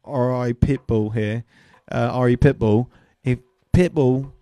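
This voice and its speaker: A man's voice: mid-range voice, steady tone, a little slow, dark tone, no room sound. A man hosting a DJ livestream, rambling and joking, swearing freely and trailing into asides. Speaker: DJ livestream host.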